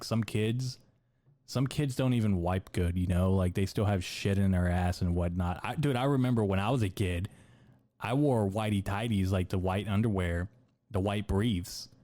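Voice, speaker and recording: A young American man with a lowish voice rambles through a comedic podcast monologue. He is crude and profane and keeps dropping dude and bro. The sound is dry and close, with no room around him. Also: a little mellow, no echo. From United States. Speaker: podcast host.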